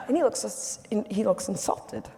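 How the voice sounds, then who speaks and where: Wry woman telling a lively story. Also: medium pitch, measured pace, creaky. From Boston, USA. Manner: wry, animated storyteller who laughs often. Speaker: guest speaker. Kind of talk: humorous anecdote. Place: event hall. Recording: echoey hall, faint hiss.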